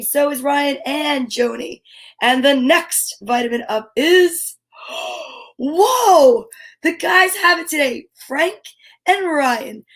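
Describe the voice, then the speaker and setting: Bubbly high-voiced woman hosting kids' story time. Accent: New Jersey. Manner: animated, sing-song talk to children. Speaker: children's story time host. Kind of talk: live-streamed children's program.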